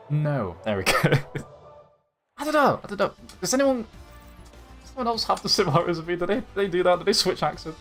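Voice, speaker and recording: A man's voice: medium pitch, a bit bright. Chatty young man with a light Yorkshire accent. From Yorkshire, England. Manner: chatty and rambling, reads chat aloud, laughs often. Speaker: livestream host. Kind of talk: casual live-stream chat.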